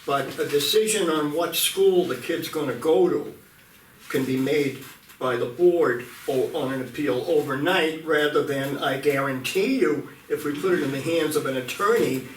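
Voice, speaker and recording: Man chairing a board meeting, slightly high voice, firm, heard from far off in an echoey room. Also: normal speed, a little hiss or hum. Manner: firm, interjecting to keep order. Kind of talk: meeting discussion.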